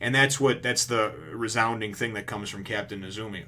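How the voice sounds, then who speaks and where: A man's voice: fairly low pitch, normal speed, few pauses, a little hiss or hum. Rambling, profane male comic reviewer. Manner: rambling, profane, animated retelling. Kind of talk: casual comic chapter recap.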